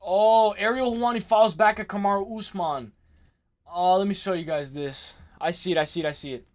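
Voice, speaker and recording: A young man hosting a livestream in casual chat, excitable and rambling, often repeating himself and saying "like" and "bro". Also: sits high, brisk. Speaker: livestream host.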